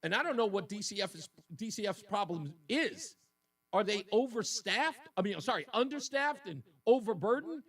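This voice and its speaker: Male talk radio host, high-pitched, indignant and emotional, a little off mic. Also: expressive, normal speed, fairly bright tone, distant mic. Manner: indignant, emotional, repeats points for emphasis.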